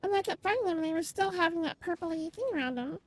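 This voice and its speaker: Very high-voiced woman game streamer. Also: fast talker. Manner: chatty and expressive, complaining out loud. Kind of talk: casual live-stream chat while gaming.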